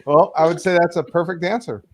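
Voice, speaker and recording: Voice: medium pitch, brisk, background noise. A co-host chatting casually on a group livestream with an easy laugh. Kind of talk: casual group chat on a video call.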